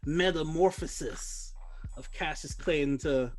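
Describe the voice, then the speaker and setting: Man, high voice, laid-back movie podcast, jokey, quotes characters. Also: unhurried, faint music behind. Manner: joking, mimics characters in quotes. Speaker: podcast co-host. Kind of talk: casual movie review chat.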